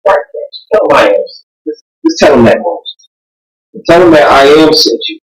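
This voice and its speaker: A woman preaches a sermon in a passionate, conversational way, her voice straining toward shouts. It sounds roomy and echoing. The mic sits some distance away from her. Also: sits low, moderate pace. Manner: impassioned, conversational preaching with voice breaking into near-shouts.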